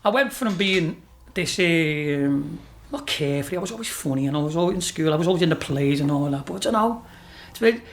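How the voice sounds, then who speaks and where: A man's voice: fairly high pitch, animated, a little fast, creaky. A man in his fifties from Liverpool with a Liverpool accent, a guest telling rambling, sweary stories with frequent laughs. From Liverpool, England. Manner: rambling, swearing storyteller who laughs often. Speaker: guest, racehorse owner. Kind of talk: casual chat.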